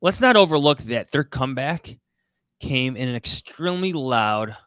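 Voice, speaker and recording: A man's voice: medium pitch, expressive, moderate pace, fairly bright tone, clean tone, no room sound. A man co-hosting a sports podcast, asking questions and chatting casually. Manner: conversational, poses questions. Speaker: podcast co-host.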